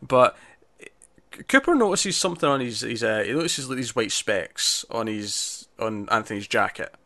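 A man's voice: medium pitch, lively intonation, normal speed, sharp tone, no room sound. Chatty man recapping a show. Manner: chatty, lots of fillers and acted-out quotes. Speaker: podcast co-host. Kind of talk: casual chat recapping a TV episode.

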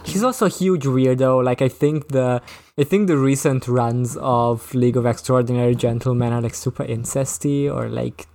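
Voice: mid-range voice, creaky, darkish tone. Rambling person on a chatty podcast. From lives in Germany. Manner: rambling, halting restarts. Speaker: podcast co-host. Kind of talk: casual chat.

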